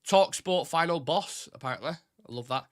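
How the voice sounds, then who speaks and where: Recorded dry with studio quality, this young Salford man's voice sits on the high side and carries a Mancunian accent from Greater Manchester. As host of a fan talk show, he reads out viewer questions from a live-stream chat. He's fast, animated, opinionated and blunt, swearing freely.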